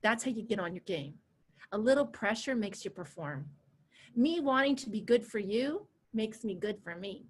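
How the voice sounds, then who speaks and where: A woman in her forties teaching a live online coaching class over a video call, chatty and animated, laughing easily and repeating herself. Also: medium pitch, normal speed, breathy edge. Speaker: coach and course instructor.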